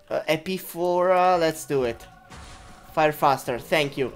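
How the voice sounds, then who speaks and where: A woman giving gameplay commentary, giggling often, breaking into loud laughter and swearing freely. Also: sits low, measured pace, faint music behind. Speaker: let's-play gamer.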